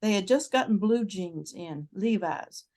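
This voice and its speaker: Woman, 70s, North Carolina accent, casual rambling chat, frank, middle pitch. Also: expressive, unhurried, mellow. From North Carolina, USA. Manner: rambling, restarts often, frank. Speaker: channel host.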